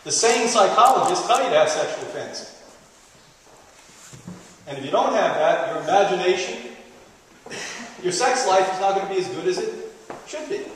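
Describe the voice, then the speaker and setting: A playful middle-aged man tells stories and jokes through a live health lecture, his voice sitting a little high. He is recorded from a distance in a large hall, so the sound rings with long reverb and a faint background hiss. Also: expressive, moderate pace, long pauses. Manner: joking, playful storyteller. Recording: echoey hall, taped from afar.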